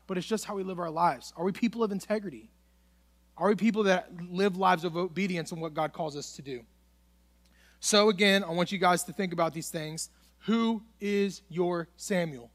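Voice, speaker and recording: A young male pastor with a fairly high voice gives a loose, conversational sermon. He reads scripture aloud and acts out the lines of the story, talking to his listeners like friends. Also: a bit bright. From United States. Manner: casual, conversational preaching, dramatizes Bible dialogue. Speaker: student pastor.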